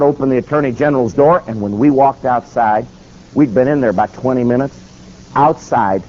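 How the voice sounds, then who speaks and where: A man preaching a sermon with emphatic, animated storytelling. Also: medium pitch. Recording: dull lo-fi with faint noise.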